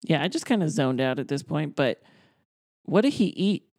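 A woman's voice: deep voice, sing-song, normal speed, a little mellow, no echo, studio quality. A woman co-hosting a casual chat, wry and full of questions. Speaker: podcast co-host.

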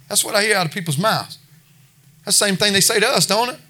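A man's voice: high-pitched, lively intonation, quick pace, pushed and bright. A middle-aged man preaching an informal sermon in a folksy, conversational way, often repeating himself. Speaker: preacher at a recovery ministry.

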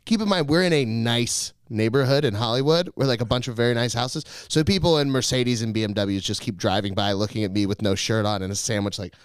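A man's voice: medium pitch, a little fast, hardly any pauses, clear, resonant tone, no echo, clean studio sound. A man telling stories and teasing his co-host in casual chat, laughing often. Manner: laughs a lot, teasing banter.

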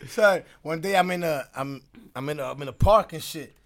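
A man, co-hosting a casual podcast chat, telling stories in an animated, laughing way full of street slang. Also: a little high, normal speed. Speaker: podcast co-host.

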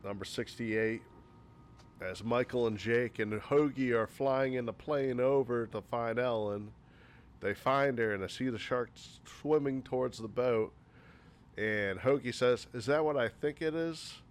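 Man, movie reviewer, casual critique, sarcastic, profane, rambling, mid-pitched voice. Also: unhurried.

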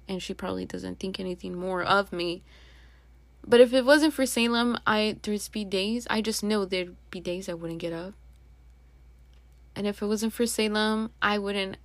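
A woman's voice: mid-range voice, dry recording. A young woman hosting a podcast, rambling in a candid, confessional way, swearing casually and at times dropping to a whisper. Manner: rambling and confessional, drops to a whisper at sad moments. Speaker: podcast host. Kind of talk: personal monologue.

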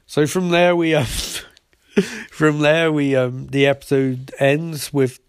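A man's voice: fairly high pitch, fairly even intonation, takes it slowly, smooth, no room sound, clean studio sound. A man giving a casual, rambling, profane recap and review of a TV episode, sarcastic in tone.

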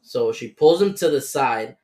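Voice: medium pitch, lively intonation, measured pace, dark tone. A podcast host in loose, casual chat, reading out stories that listeners sent in and saying "like" a lot. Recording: roomy echo.

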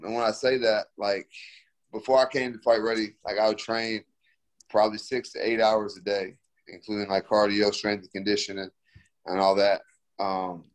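A man's voice: on the low side, little pitch movement, moderate pace. A young man, a fighter, answering interview questions in a laid-back, slangy way full of fillers.

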